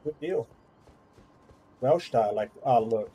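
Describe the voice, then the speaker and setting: A man's voice: medium pitch, lively intonation, slow pace, dark tone, breathy edge, low-quality recording. Chatty male let's-play streamer. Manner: chatty, rambling, easily distracted. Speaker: gaming streamer. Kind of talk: casual let's-play commentary.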